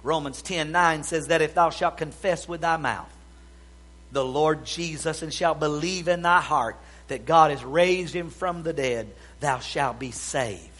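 A man preaching a revival sermon, swinging between loud exclamations and hushed passages while quoting scripture. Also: on the high side, unhurried.

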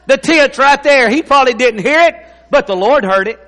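A man's voice: very high-pitched, fairly quick, fairly bright tone, soft background music. A man preaching a sermon, in a folksy, playful way, laughing and joking with the congregation. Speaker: pastor. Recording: long hall reverb.

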